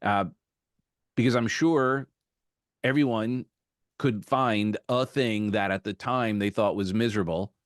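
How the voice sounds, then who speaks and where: A man hosting an interview podcast over a video call, musing and telling stories in a relaxed conversational way. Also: on the low side, a little slow, pauses often, dry recording, studio quality. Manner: reflective, storytelling with acted quotes. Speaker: podcast host.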